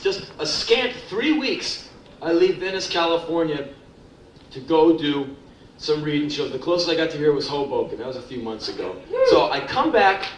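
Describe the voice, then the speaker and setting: A young man doing a live spoken word show, telling stories in a blunt, profane, sardonic way. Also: mid-range voice. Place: live music club. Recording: echoey club from a distance, faint crowd noise.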